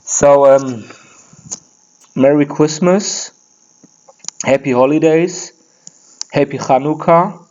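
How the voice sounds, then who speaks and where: A man's voice: fairly high pitch, slow, pauses often, a little mellow, dull audio. A man voicing a crude, opinionated German man with a put-on German accent in an unscripted comic rant, profane and rambling with frequent restarts. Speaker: podcast host.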